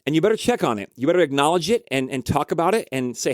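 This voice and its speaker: A man of ordinary mid pitch tells a story in a chatty, animated way, with frequent fillers. He sounds like someone who counsels couples. The recording is close and dry. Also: racing, few pauses, dry recording. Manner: animated, conversational, lots of fillers. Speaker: marriage counselor. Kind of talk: casual storytelling.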